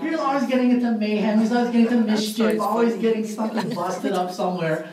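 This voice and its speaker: A man's voice: high voice, fast talker, a crowd in the background. A man giving a live motivational speech at a party, telling stories with lots of fillers and frequent laughs. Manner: animated storyteller, laughs often, many fillers. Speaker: motivational speaker at a sales party. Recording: very echoey hall, far from mic.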